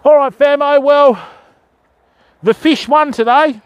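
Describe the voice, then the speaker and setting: A man's voice: very high-pitched, takes it slowly. An Australian man live-streaming outdoors at night in the rain, chatting casually with his viewers and calling them fam.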